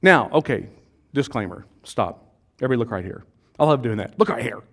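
A man's voice: mid-range voice, expressive, a little fast, vocal fry, fairly bright tone. A male pastor, preaching in a casual, joking way and acting out voices from the crowd. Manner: playful, jokey, acts out voices of the crowd.

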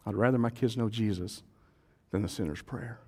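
During a church service, a male pastor preaches in a fairly low, husky voice at normal speed. He stays animated and conversational, quizzing the congregation and cracking jokes with them.

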